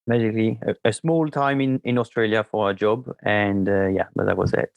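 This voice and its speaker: A man's voice: lowish voice, fairly even intonation, fairly quick, creaky, dry recording, dull audio. A man in his thirties from the south of France with a French accent, a podcast guest talking hesitantly with many fillers. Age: 30s. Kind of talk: casual podcast interview.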